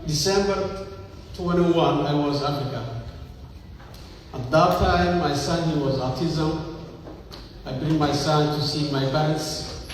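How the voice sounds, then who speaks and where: A man giving a testimonial in a halting way, often repeating his words. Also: a little high. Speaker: network marketing speaker. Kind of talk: testimonial speech. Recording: echoey hall, far off, with background noise.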